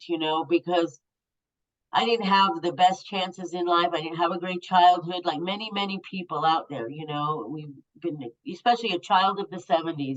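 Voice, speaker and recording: Blunt woman in her fifties, a guest telling stories, swears a lot, muffled lo-fi sound. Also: on the low side. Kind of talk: candid storytelling. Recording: muffled lo-fi audio.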